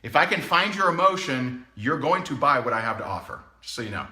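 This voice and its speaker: A man's voice: mid-range voice, brisk. A man coaching live in a casual way, telling stories with emphasis and frequent chuckles. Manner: animated storyteller, emphatic, chuckles often. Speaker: sales coach. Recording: echoey room.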